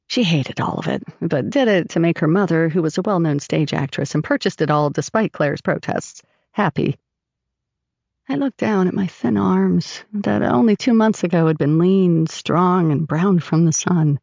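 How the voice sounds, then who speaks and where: A woman with a gravelly voice narrating a first-person audiobook in a measured, even way. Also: fairly low pitch, dry recording. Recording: dry, slightly dull recording.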